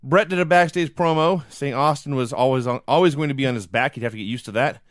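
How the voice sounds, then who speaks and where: Dry funny guy hosting a podcast, middle pitch, no room sound. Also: fast, no room sound. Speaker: podcast host. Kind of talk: casual chat recapping shows.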